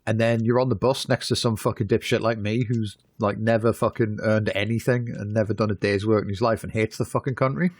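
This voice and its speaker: A man's voice: on the low side, fairly even intonation, a little fast, few pauses, slightly rough, no echo. A man swears through a casual, self-deprecating rant on a podcast. His voice sits in the middle range and sounds dry and close. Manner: sweary, self-mocking rants. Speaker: podcast co-host. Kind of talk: casual chat.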